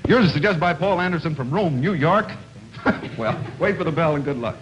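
A man hosting a TV game show in a brisk, joking way. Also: fairly high pitch, animated, poor audio. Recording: hissy old TV broadcast recording.

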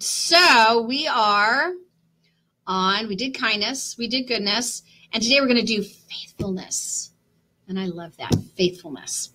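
A woman's voice: on the high side, expressive, unhurried, pushed and bright, rough recording. An older woman leading a children's Bible lesson in a cheery, coaxing way. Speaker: Bible teacher. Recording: music playing behind.

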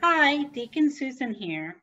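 A woman deacon giving a gentle, questioning children's lesson, speaking in a teacherly way. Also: sits high, sing-song, a little slow, muffled recording, faint music behind.

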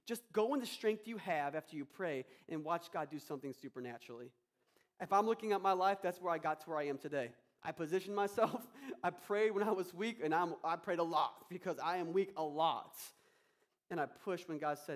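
A man's voice: sits high, fairly quick. A male pastor preaching a sermon with energy, acting out quotes and prayers.

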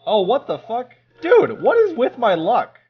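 A man's voice: very high-pitched, huge pitch swings, unhurried, husky, highs cut off. A man streaming a game live, exasperated and taunting his chat.

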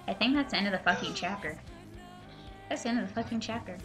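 A woman's voice: mid-range voice, fairly quick, bright, forceful tone, soft background music. A woman reading a fanfiction aloud and breaking off into sarcastic, profane commentary. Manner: sarcastic, profane, exasperated asides. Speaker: reader and commentator.

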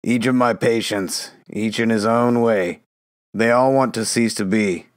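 A man's voice: lowish voice, measured pace, dry recording, clean studio sound, lightly acted. A man playing a fanatical ranting psychiatrist. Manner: lecturing, building to a ranting tirade. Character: fanatical male psychiatrist, smooth and menacing. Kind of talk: audio drama acting.

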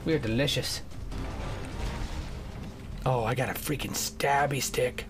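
A young man commentating a video game as he plays, goofy and joking, bursting into shouts. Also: mid-range voice, a little slow, over music. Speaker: gameplay commentator. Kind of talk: let's play commentary.

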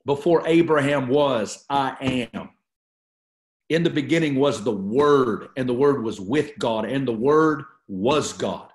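Speaking a little slowly in a mid-range voice, a man delivers a teaching sermon at a Bible study, and the sound is reverberant. He reads scripture aloud and expounds on it, repeating phrases for emphasis.

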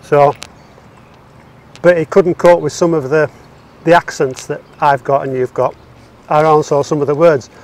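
Joking man with a raised pitch. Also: steady tone, unhurried, pauses often. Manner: jokey, playful, laughs at his own jokes. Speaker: co-host of a walking podcast. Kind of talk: casual chat. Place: outdoors among palm trees.

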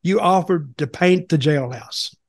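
A man's voice: fairly high pitch, a little slow. A man hosting a casual interview, teasing his guest and prompting him to tell stories. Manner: prompting, teasing, laughs along. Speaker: podcast host.

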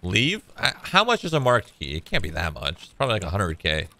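A man's voice: sits low, huge pitch swings, fairly quick, sharp tone. A man streaming a shooter game, chatting casually to viewers with a laid-back, joking manner and frequent swearing. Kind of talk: casual gameplay commentary.

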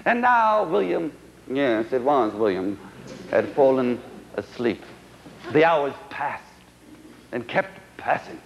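A man telling a comic melodrama on stage in a theatrical, animated way, on a dull old recording. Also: medium pitch, slow, creaky, pauses often, a little hiss or hum. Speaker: stage performer. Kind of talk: comic dramatic storytelling on stage.

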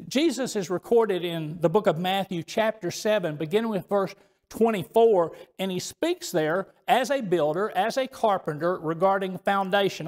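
A male pastor preaching a sermon to his congregation, telling a story and reading scripture, often restarting his phrases. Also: high-pitched.

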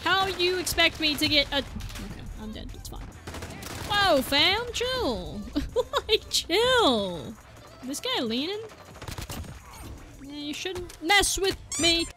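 A woman giving excitable live commentary while playing a shooter game, often apologizing and joking about herself, with game music and gunfire behind her. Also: extremely high pitch, takes it slowly, long pauses. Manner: excitable, exclaiming and apologizing a lot; self-deprecating joking. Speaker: gaming video creator. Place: at home, seated at a gaming desk.

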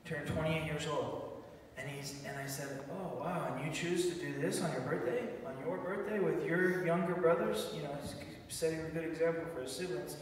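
A man giving an excited, animated church testimony, telling his story with many restarts. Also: fairly high pitch, moderate pace, a little hiss or hum. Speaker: testimony speaker. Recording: echoey hall, far mic.

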